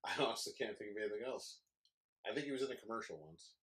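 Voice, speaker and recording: A man in his mid-thirties, co-hosting a casual movie podcast and chatting with animated enthusiasm. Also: fairly low pitch, quick pace. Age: 30s. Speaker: podcast co-host.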